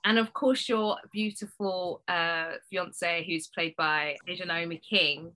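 Bright-voiced woman interviewer, giggly. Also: lowish voice, fairly even intonation, takes it slowly. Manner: giggly, enthusiastic. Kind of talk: casual interview chat.

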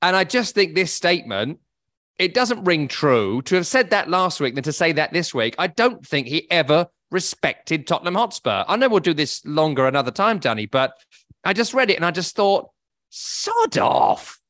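A man's voice: fairly high pitch, big pitch swings, normal speed, a bit bright, no echo, studio quality. A man co-hosting a casual football podcast, blunt, opinionated and wry. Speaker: podcast co-host.

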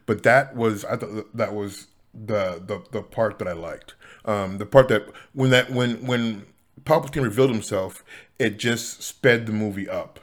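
A man's voice: on the low side, unhurried. A man hosting a casual solo podcast, talking in a rambling way with many fillers, restarts and chuckles. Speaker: podcast host.

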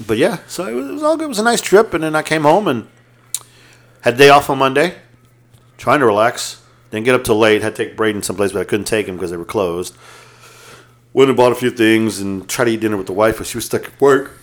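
A man's voice: mid-range voice, quick pace. A man in his fifties, co-hosting a podcast in casual chat, profane and joking, telling stories and laughing often. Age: 50s. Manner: storytelling, lively delivery. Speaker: podcast co-host.

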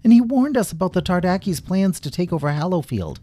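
A man's voice: sits high, sing-song, fairly quick, warm tone, pitched above the performer's own voice. A man playing a smug town guard who talks down to others, hesitating with fillers. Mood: dismissive. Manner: hesitant and patronizing.

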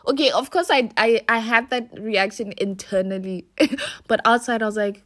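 A young woman chats alone for her podcast, recorded on a phone. Her voice sits fairly high, and she rambles in a light, self-mocking way, often breaking into laughter. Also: a little fast. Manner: giggly, chatty, self-mocking. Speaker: podcast host. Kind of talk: casual solo podcast chat.

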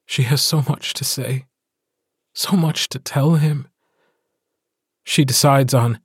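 A man narrating a short story as an audiobook, reading in a slow, measured way. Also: mid-range voice, steady tone, breathy edge, dry recording, clean studio sound. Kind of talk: scripted narration.

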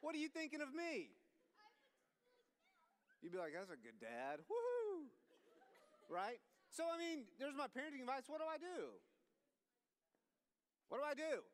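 A man in his thirties with a very high voice tells a rambling, animated comic story, talking straight to a crowd. His voice carries with long reverb through a large hall. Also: normal speed, long pauses. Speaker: speaker addressing a live audience.

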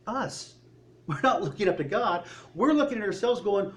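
A man's voice: sits high, big pitch swings, moderate pace. A man preaching a sermon, acting out the voices of worried people and of God as he goes.

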